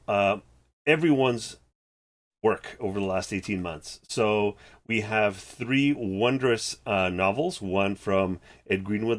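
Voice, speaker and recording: A man talking as a guest in a casual chat, pitching his company's new books with enthusiasm. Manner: enthusiastic pitching, many fillers. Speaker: game publisher guest.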